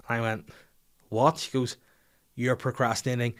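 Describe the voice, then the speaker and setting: A man hosts a podcast with a loose, rambling monologue. He tells crude, self-mocking stories, restarts his sentences often, and speaks at a middling pitch. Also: steady tone, normal speed, a bit bright. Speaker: podcast host. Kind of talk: casual comedic monologue.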